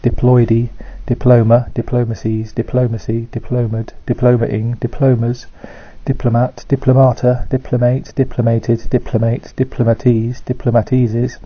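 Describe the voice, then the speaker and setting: A man reading a dictionary word list aloud, one word at a time in a measured way, sometimes restarting a word. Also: mid-range voice, no echo, muffled recording. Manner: reads each word in turn, flat and measured, sometimes restarting a word.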